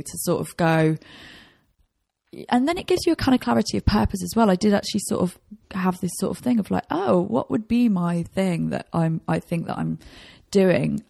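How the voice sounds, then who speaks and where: A woman's voice: lowish voice, vocal fry, a little mellow, no echo, clean studio sound. A British woman chatting casually as a podcast guest, rambling and self-deprecating, with frequent laughs. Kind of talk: casual chat.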